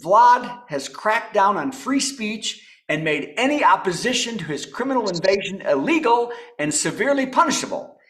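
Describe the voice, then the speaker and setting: A man's voice: high-pitched, sing-song, normal speed, hardly any pauses, a bit bright. A man hosting a comedy show over a video call, telling topical jokes and chuckling at his own punchlines. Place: home apartment.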